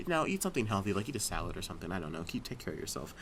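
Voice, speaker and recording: A man's voice: sits low, sing-song, rapid-fire, creaky, over a noisy crowd. A man co-hosting a casual podcast over a call, rambling, laughing often, and stammering and repeating his words. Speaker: podcast co-host. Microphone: remote call.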